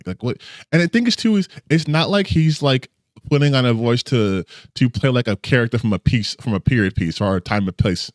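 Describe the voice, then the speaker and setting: A male reaction host who rants in lively, swooping bursts, swearing freely and sounding incredulous. His voice sits at a middle pitch and is recorded close and dry, with no room echo. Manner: animated, profane, incredulous ranting. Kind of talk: casual reaction commentary.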